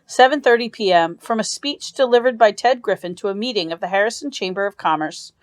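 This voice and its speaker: A woman's voice: medium pitch, a little fast, dry recording. A woman teacher reading a novel aloud, naming each speaker before their lines. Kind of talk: read-aloud narration.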